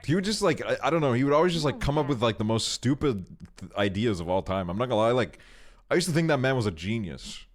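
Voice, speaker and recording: A man's voice: medium pitch, very animated, quick pace. A young man streaming, telling long stories in rambling casual chat full of fillers and swearing. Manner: rambling, profane storytelling with frequent fillers.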